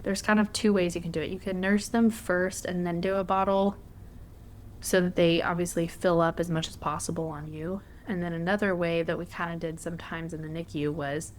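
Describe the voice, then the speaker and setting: Woman, podcast host, casual storytelling, candid and chatty, slightly low voice. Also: a little hiss or hum. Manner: candid, conversational, frequent fillers.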